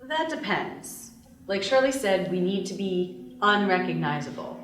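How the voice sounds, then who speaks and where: A woman playing a blunt, bossy young woman who talks in a frank, sharp way. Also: mid-range voice, big pitch swings, measured pace. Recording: roomy, distant, faint hiss.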